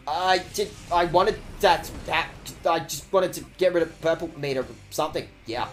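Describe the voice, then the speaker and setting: A man's voice: a little high, normal speed, faint music behind. A man casually commentating his game stream in a playful, rambling way, swearing freely. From Australia.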